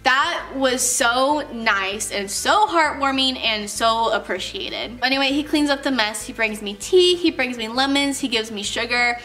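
A woman's voice: fairly high pitch, lively intonation, measured pace, hardly any pauses, pushed and bright, soft background music. A young woman telling work stories to her camera in a chatty, casual way, full of "like" and acted-out quotes. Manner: chatty, many "like"s, acts out quoted voices. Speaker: vlogger.

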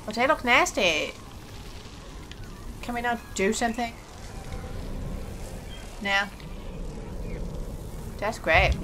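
A woman's voice: a little high, lively intonation, slow, long pauses, background noise. A woman casually commentating a game, chatty and jokey, talking back to the characters. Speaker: let's play host.

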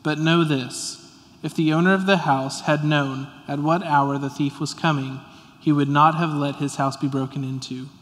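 Male scripture reader, somewhat high voice, steady and measured, reverberant sanctuary. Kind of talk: reading scripture aloud. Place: church sanctuary. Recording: long reverb in a church sanctuary.

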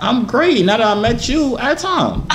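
A man's voice: extremely high pitch, expressive, measured pace, a bit bright, echoey room, a little hiss or hum. A man in his twenties hosting a video chat with strangers, teasing in a slangy, playful way. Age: 20s. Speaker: host. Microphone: phone.

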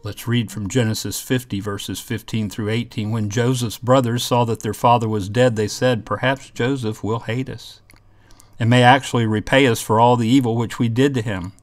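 A man's voice: mid-range voice, steady tone, normal speed, no echo. A man teaching a Bible lesson, reading scripture passages aloud and explaining them in an earnest way.

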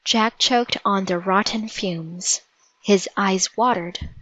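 A woman narrating a storybook in a measured, vivid read-aloud manner. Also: medium pitch, a bit bright, no echo, dull audio.

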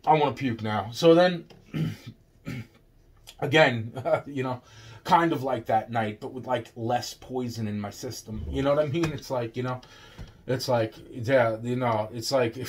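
A man's voice: mid-range voice, slow. Man telling a rambling, profane story. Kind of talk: rambling personal story monologue.

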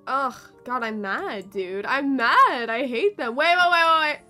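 A woman with a high, lively voice chats through a let's play with playful, self-mocking excitement. Her tone is bright and forward. Faint game music hums behind her. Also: a little slow. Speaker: gaming streamer.

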